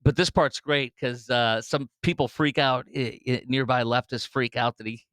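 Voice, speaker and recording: A man's voice: mid-range voice, steady tone, fairly quick, few pauses, fairly bright tone, smooth, no echo. A middle-aged man hosting a political commentary show, scornful and rambling with frequent fillers. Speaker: podcast host.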